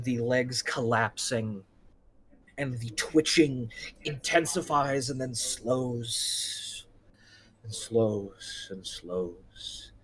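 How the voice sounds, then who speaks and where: A man narrating a tabletop game as game master, describing the scene slowly. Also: on the low side, slight background noise, rough recording. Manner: slow, drawn-out descriptive narration.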